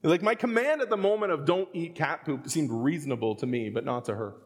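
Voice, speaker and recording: A man in his thirties preaching a sermon, telling stories and acting out the voices, sometimes rising to a shout. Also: fairly high pitch, fairly quick. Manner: storytelling, acts out quoted voices, rising to shouts. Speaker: pastor. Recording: long hall reverb.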